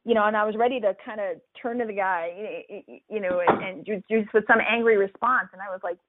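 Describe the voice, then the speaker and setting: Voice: medium pitch, fast talker, noisy background. A physician who trains residents talks casually and reflectively, with many fillers and restarts. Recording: tinny dry phone line.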